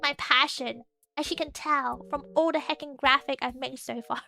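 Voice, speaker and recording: A woman's voice: high voice, fairly even intonation, normal speed, vocal fry, bright, forceful tone, soft background music. A young English woman streamer in casual chat, giggly and bubbly, rambling with lots of fillers. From England.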